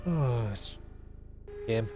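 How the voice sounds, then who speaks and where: A man's voice: medium pitch, drawn-out words, music in the background. A man streaming a video game live, commenting in a sweary, exasperated and sarcastic way.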